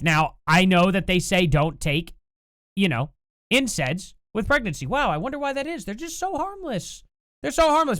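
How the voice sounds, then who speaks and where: A host ranting in casual political commentary from a home setup, sarcastic and animated, with laughing asides, recorded on a computer mic without a compressor. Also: medium pitch, no echo, clean studio sound.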